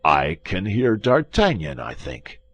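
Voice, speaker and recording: A man reading as a calm swordsman in an old adventure tale who mocks his attackers from behind a cellar door. The voice is deep and unhurried, dry in its jeering. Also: breathy edge, dry recording, heavily acted.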